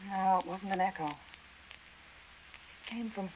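An actress playing a frightened young woman camping by a desert well, speaking in hushed, uneasy tones in an old radio drama. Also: medium pitch, takes it slowly, lo-fi sound, slight background noise. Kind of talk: 1940s radio acting.

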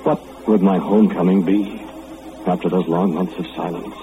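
Guy playing a low-voiced, regretful young lover narrating, tinny old radio sound w/ hiss. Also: fairly even intonation, normal speed, natural voice. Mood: wistful. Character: young male lawmaker, wistful, remorseful, lovesick. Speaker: narrator and lead character. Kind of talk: 1940s radio drama narration. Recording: phone-like old radio recording, faint hiss.

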